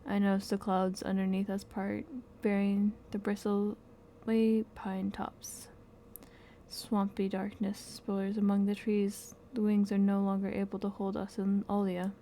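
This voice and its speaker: A woman reading a game's story text aloud in an expressive, soft-spoken way. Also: medium pitch, moderate pace, hardly any pauses, slight background noise. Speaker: game playthrough narrator.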